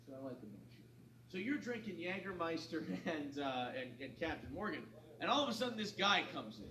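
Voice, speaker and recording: A man's voice: fairly high pitch, a little fast, slight background noise. A man hosting a morning show, telling a bar story in casual chat and acting out the people he quotes. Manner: animated storyteller, acts out quotes. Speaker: morning radio show host. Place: studio. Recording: roomy sound from a distance, crowd behind.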